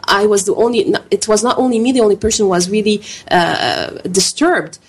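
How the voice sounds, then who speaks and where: Woman guest on studio radio, husky, animated telling with restarts. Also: mid-range voice, fairly quick. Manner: animated, emphatic storytelling with frequent restarts. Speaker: guest journalist. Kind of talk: radio interview.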